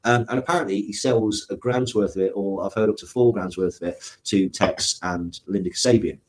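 A man, a guest author, retelling events in an animated storytelling way, acting out quoted lines with lively voices. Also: lowish voice, a little fast. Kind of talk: storytelling interview talk.

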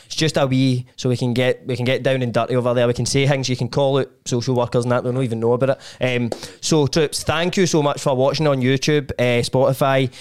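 Fast-talking Scottish podcast host. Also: male voice, medium pitch, little pitch movement, clean tone. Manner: chatty, prompting with quick "aye" and "mm-hmm". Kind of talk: casual podcast interview.

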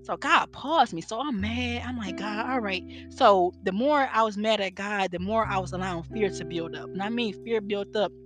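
A woman's voice: medium pitch, moderate pace, hardly any pauses. A young woman giving an earnest, faith-based motivational talk, with rhetorical questions and a preacher-like way of speaking. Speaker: inspirational speaker. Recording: guitar music bed under voice. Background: guitar music.

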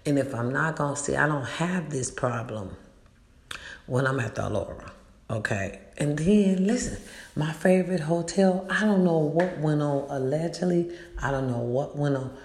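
A middle-aged woman, a mother, telling a casual story in a blunt, animated way and swearing freely. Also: sits low, normal speed. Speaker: vlogger. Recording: echoey room.

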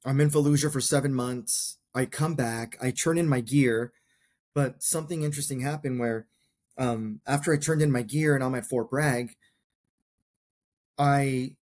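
Guest: man in his forties, earnest veteran, mid-pitched, reflective storytelling. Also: a little mellow. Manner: earnest, reflective, talks in short plain clauses. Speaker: podcast guest, combat veteran. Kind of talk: personal storytelling in a conversation.

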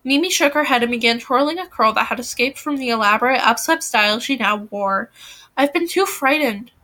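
A woman's voice: a little high, a little fast. A woman reading a novel aloud, voicing the dialogue with feeling and now and then restarting a phrase. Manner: reads with lively acted dialogue and occasional restarts. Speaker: reader.

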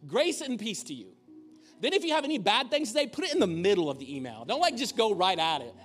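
High-voiced male pastor, conversational preaching. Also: very animated, fast talker, faint music behind. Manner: conversational preaching with humorous asides. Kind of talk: sermon. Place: church auditorium.

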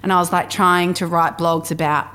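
A woman's voice: on the low side, normal speed, clear, resonant tone. A woman, chatting casually as a podcast guest about her work, telling stories with lots of fillers. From Australia. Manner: chatty, animated storytelling with filler words. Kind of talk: casual conversational interview.

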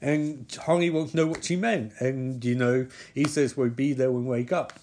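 A man's voice: mid-range voice, steady tone, normal speed, mellow. A man giving a rambling, sweary, sarcastic live recap of a TV episode, often forgetting character names. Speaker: TV episode reviewer. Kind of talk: casual live-watch commentary.

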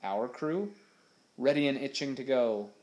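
A man's voice: medium pitch, a little slow, a little mellow, lightly acted. A man voicing a bumbling, nervous male pirate sidekick who stammers and gets flustered. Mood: eager.

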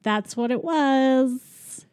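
A woman's voice: sits high, extremely slow, a little mellow, clean tone, no echo, studio quality. A woman chatting casually on a podcast, retelling a movie and acting out lines in silly voices, often giggling. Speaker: podcast co-host. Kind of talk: casual movie recap chat.

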